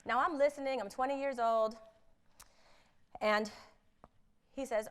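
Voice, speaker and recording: A woman speaker on intercultural competence, telling a personal story in a lively way, acting out the people she quotes and laughing at herself. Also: fairly high pitch, measured pace, long pauses, clean tone. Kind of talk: storytelling talk.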